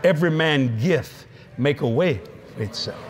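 A man preaching at a convention, telling folksy stories in an animated way with frequent laughs. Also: fairly high pitch, moderate pace, slight background noise. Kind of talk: storytelling sermon to a live audience. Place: convention stage.

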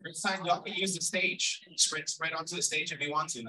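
Bright-voiced man leading a crowd. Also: on the high side, fairly quick, far from the mic, rough recording. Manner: energetic, playful, calls to the crowd. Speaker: workshop facilitator. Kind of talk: leading a group activity. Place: large event hall.

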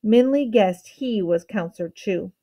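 A woman teacher reading a children's novel aloud with steady, expressive storytelling. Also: medium pitch, a little slow.

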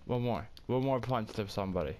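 A young man giving casual gameplay commentary, loud, excitable and cursing heavily, quick to get angry. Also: fairly low pitch, a little hiss or hum. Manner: loud, excitable, heavy cursing, hot-tempered. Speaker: gaming streamer.

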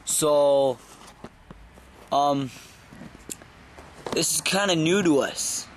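A teenage boy rambling through a goofy home-video comedy sketch, excitable and rambling. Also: fairly high pitch, drawn-out words. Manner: excitable, rambling, shouts when riled. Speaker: vlogger. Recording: faint background noise.

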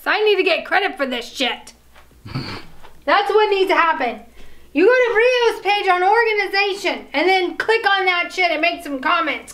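Lady vlogger chatting, bright sharp tone, teasing bossy banter. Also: sits high. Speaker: vlog host. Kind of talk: casual chat.

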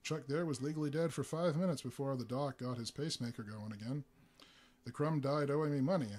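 Calm kindly barkeep, voiced by a man, quiet, dry, mid-pitched. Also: a little fast, lightly acted.

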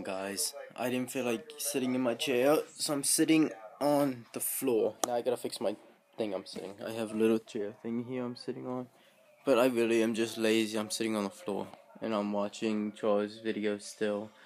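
A young man talks into his camera from home, sitting on the floor. He rambles from one thought to the next, playful and quick to poke fun at himself. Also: fairly low pitch, steady tone, darkish tone. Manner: rambling, playful, self-mocking. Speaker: vlogger. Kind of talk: casual chat vlog.

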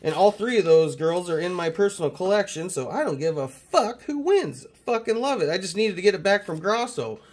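Man, from canada, card channel host, swears nonstop, hyped, slightly high voice. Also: fairly quick, hardly any pauses, a little hiss or hum. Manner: profane, excitable hype talk. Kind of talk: casual mail-day chat.

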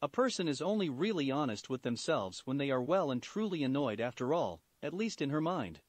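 Expressive male story reader. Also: medium pitch, fairly quick, dry recording. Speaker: fan-fiction reader. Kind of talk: story narration.

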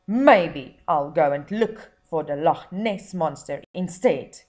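A woman doing a gruff, greedy circus man. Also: low-pitched, sing-song, slow, exaggerated voice. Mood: scheming. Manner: cross, loud and demanding.

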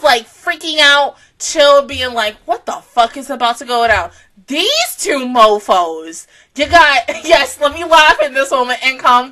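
A woman hosting an anime reaction, talking casually, swearing freely and swinging between soft musing and loud outbursts. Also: high-pitched.

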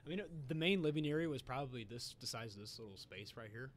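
A young man guesting on a podcast, telling stories in an animated, swearing casual chat. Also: mid-range voice, fast talker.

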